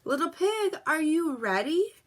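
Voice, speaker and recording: A woman voicing a sly, hungry male wolf in a storybook read-aloud, drawing out his threats slowly and loudly. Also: sing-song. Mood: coaxing. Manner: slow, drawn-out, booming threats.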